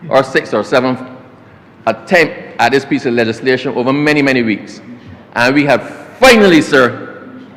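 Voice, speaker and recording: A man's voice: mid-range voice, fairly bright tone. Barbadian man addressing parliament. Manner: formal, keeps addressing the chair as sir, folksy storytelling asides. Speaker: government minister. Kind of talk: parliamentary speech. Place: parliament chamber. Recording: long reverb of a parliament chamber.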